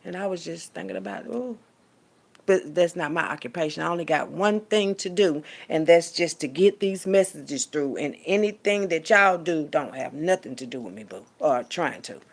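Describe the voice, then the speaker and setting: A woman delivering a profane, preachy rant as a little sermon, swinging between hushed asides and loud outbursts. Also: fairly low pitch, moderate pace, creaky. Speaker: vlogger giving a street sermon.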